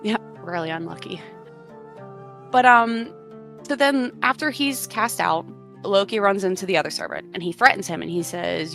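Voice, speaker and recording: A woman's voice: lowish voice, normal speed, fairly bright tone, faint music behind. A woman co-hosting a podcast, casually retelling old myths in a chatty way, full of fillers. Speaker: podcast co-host. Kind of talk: casual storytelling chat.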